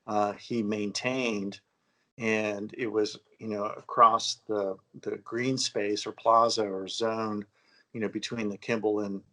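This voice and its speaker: A man in a casual conversation about architecture, thoughtful and halting, pausing often on fillers as he works out his points. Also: lowish voice, pushed and bright, poor audio.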